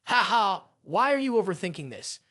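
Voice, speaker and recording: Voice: mid-range voice, big pitch swings, fairly quick, fairly bright tone, no echo, studio quality. A narrator reading a sneering arrogant male butler. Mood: mocking. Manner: sarcastic, condescending.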